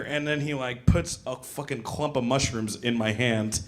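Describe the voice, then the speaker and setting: A man's voice: medium pitch, normal speed. Rambling man telling a stand-up story. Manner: rambling storytelling with many fillers and voiced characters. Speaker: stand-up comedian. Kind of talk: stand-up comedy set.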